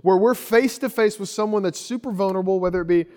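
A man's voice: high voice, quick pace, darkish tone, in a large hall. A man preaching a sermon as pastor, earnest, often repeating his phrases and restarting.

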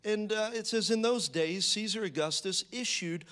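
A man with a notably high voice gives a sermon. He chats with the congregation and tells a funny story in an easy, conversational style before turning serious. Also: normal speed, a bit bright, clean tone. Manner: conversational and joking, telling stories to a congregation. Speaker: pastor.

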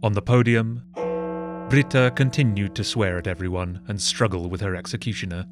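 A man narrating a comedic history story with sardonic, deadpan asides. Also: fairly low pitch, moderate pace, over music.

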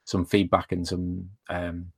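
A man co-hosting a casual podcast, talking in a relaxed, halting way with many fillers. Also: sits low, breathy edge, no room sound. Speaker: podcast co-host. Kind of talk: casual chat.

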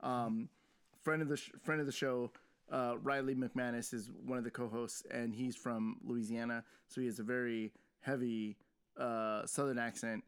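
A man's voice: medium pitch, level tone, normal speed, smooth. A man co-hosting a casual chat show, talking playfully and building up suspense before his picks. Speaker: podcast co-host.

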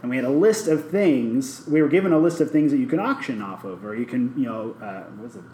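A young man telling a story casually in a group brainstorm, animated and laughing often as he acts out the people he quotes. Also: mid-range voice, fast, slight background noise. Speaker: participant in a character brainstorm. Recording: echoey room with faint ambience.

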